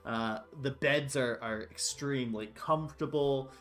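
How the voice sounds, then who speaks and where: A man's voice: mid-range voice, a little slow, a bit bright, soft background music. A man running a tabletop role-playing game, describing scenes casually with many fillers. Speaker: game master.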